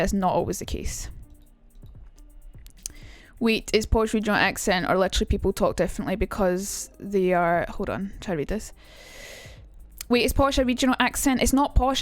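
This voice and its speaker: A young Glaswegian woman teaches casually on a live stream, chatting and swearing as she reads out her chat. Her voice sits at a middling pitch for a woman. The sound is dry and close, with faint music behind her. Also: dry recording. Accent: Glaswegian Scottish.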